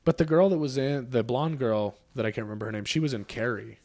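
A man co-hosting a podcast in casual chat, talking freely with fillers and getting animated when he makes a point. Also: medium pitch, fast, dry recording. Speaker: podcast co-host.

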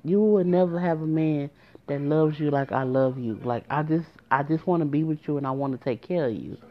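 A clingy older man, a stalker, pleads in a soft, hushed voice, as a woman puts him on while telling her story. His tone is low. The recording is muffled and lo-fi. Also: brisk, lightly acted. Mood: pleading.

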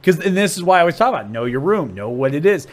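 Speaking rapid-fire, a comedian from Dublin, Ohio, chats on a podcast as a guest, telling stories full of restarts and swearing. When he imitates people, his voice shoots up high and loud.

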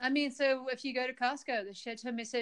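A woman's voice: sits high, fairly even intonation, fairly quick, a bit bright. Chatty middle-aged woman podcast host. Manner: chatty and enthusiastic. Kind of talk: casual chat.

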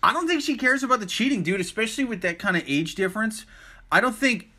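Man, young adult, bright tense voice, blunt crude joking, casual chat. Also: sits high, lively intonation, fast talker.

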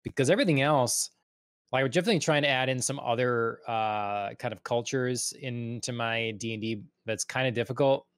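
Man, stream host, casual chat, hesitant, dry close sound, mid pitch. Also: moderate pace, clear, resonant tone, dry recording. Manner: relaxed, hesitant, many fillers.

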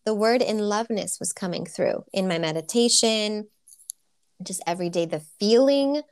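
A woman with a smooth, resonant voice speaks softly about healing as an interview guest. She sounds dreamy and gushing, her thoughts trailing through ums and likes, at an ordinary mid pitch. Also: moderate pace. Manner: soft, dreamy, gushing, many fillers. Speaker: spiritual healer guest. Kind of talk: casual interview talk.

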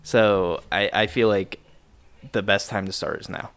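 A young man with a low voice and a gravelly edge to it. He chats casually with his co-host, rambling along loosely and packing his talk with fillers. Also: steady tone, a little slow, fairly bright tone. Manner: laid-back, rambling, with frequent fillers. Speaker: podcast co-host. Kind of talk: casual chat.

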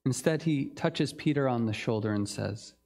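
A male pastor delivers a sermon in an earnest, reflective voice. His pitch sits in an ordinary middle range, and he talks his way through the text with the odd filler and restart. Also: moderate pace, creaky, a little mellow.

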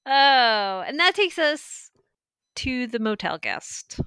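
Woman, podcast co-host, casual chat, playful, quick laughs, dry close sound. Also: high voice, big pitch swings, bright, forceful tone, smooth, no echo.

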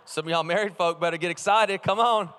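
With a high, clear, resonant voice and a fairly quick pace, a man preaches animatedly, telling humorous stories from his own life and calling out to the congregation. The recording carries a long hall reverb.

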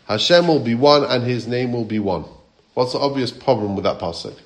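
A man's voice: medium pitch, expressive, a little fast. Man, rabbi teaching a Torah class; questions the listeners, quotes Hebrew and Aramaic sources.

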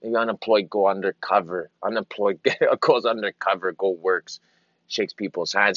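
A man's voice: fairly low pitch, fairly even intonation, moderate pace, fairly bright tone, no room sound, highs cut off. A man hosting a podcast in a rambling casual monologue, repeating himself and wandering between stories. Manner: meandering, repeats phrases, slips into silly greeter voices. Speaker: podcast host.

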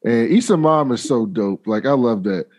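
A man's voice: mid-range voice, expressive, moderate pace, a little mellow. Playful man acting out scenes. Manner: playful, acts out characters' lines, slangy. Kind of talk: casual recap of a TV episode.

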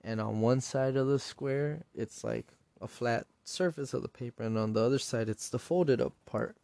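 A man's voice: mid-range voice, moderate pace, vocal fry, darkish tone, no echo. A man hosting a solo podcast, casually retelling and reviewing a show episode in a rambling, profane way. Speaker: podcast host.

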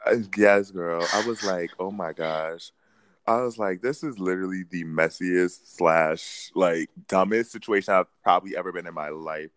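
A young man telling a funny story in casual chat, animated and slangy, often breaking into laughter. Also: low-pitched, normal speed, dry recording. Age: young adult.

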